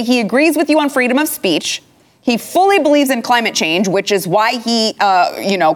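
A woman hosting a political talk show, speaking in an emphatic, impassioned way. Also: fairly high pitch. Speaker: host. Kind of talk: political commentary chat.

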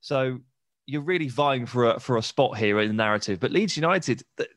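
A man co-hosts a football podcast, chatty and enthusiastic with a teasing edge. His voice sits at an ordinary middle pitch, recorded close and dry. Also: animated, moderate pace, a bit bright, no echo. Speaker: podcast co-host. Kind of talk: casual football podcast chat.

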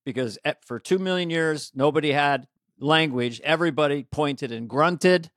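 A man's voice: on the high side, normal speed, fairly bright tone, dry recording, clean studio sound. Jokey man riffing on a video call. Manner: jokey, riffing, puts on silly voices. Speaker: podcast co-host. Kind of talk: casual comedic chat.

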